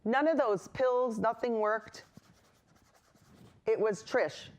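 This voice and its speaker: In an indoor studio, a painting instructor leads a chatty on-camera lesson in a middle-pitched voice at a slow pace. The tone is easygoing and reassuring, often drifting into personal asides before returning to the brushwork.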